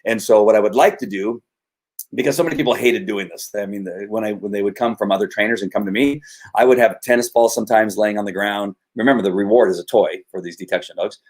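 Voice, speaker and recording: This dog trainer talks casually about his methods in a lowish voice, speaking fast. He rambles, keeps restarting his sentences and repeats words often.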